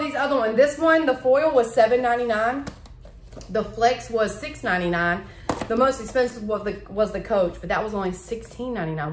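Chatty woman gushing over her haul. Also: fairly high pitch. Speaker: vlogger showing a shopping haul. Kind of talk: casual chat to camera. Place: home living room. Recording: echoey room.

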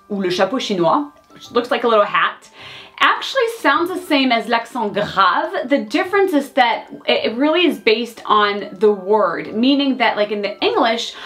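A woman's voice: on the high side, fairly bright tone. A woman whose first language is French, giving a chatty video lesson and explaining with examples. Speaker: French teacher.

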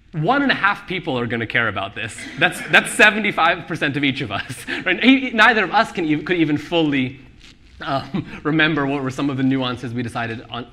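A man talking about his novel on stage at a live book event, animated and quick to laugh, with many restarts. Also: on the high side. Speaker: author discussing his novel. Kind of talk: live onstage book talk. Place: live event venue with audience.

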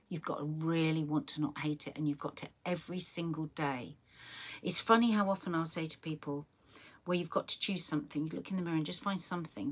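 Middle-aged woman host, low and husky, earnest and encouraging, reads messages then advises. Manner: earnest, encouraging, many restarts and quiet asides. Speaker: podcast host reading viewer messages. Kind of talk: heartfelt live-stream chat.

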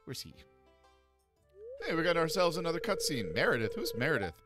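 A man's voice: on the high side, very animated, brisk, pauses often, over music. A man casually thinking aloud while playing a farming game. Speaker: game streamer. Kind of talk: let's play commentary.

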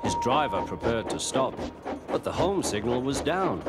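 British male narrator, lively storybook delivery, music bed. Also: medium pitch, moderate pace. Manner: lively and expressive.

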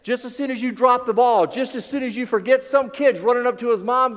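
Male motivational speaker, high animated voice, dramatic storyteller, heard with long hall reverb. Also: a little fast, hardly any pauses. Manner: theatrical storytelling, acts out quoted voices, drops low and quiet for emphasis. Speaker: keynote speaker. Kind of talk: motivational keynote speech. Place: large hall with audience.

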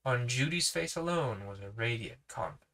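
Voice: mid-range voice, lively intonation, normal speed, a bit bright. A sleepy reader narrating a children's novel aloud with casual asides. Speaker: podcast reader.

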